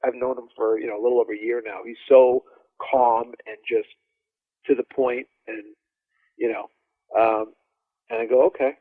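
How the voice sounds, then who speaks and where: Brief: male musician guest, lively storyteller, phone-quality dry audio. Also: mid-range voice, moderate pace, pauses often, no room sound. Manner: animated, rambling, acts out quoted dialogue. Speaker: drummer guest. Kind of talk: casual storytelling interview. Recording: dry tinny phone-like line.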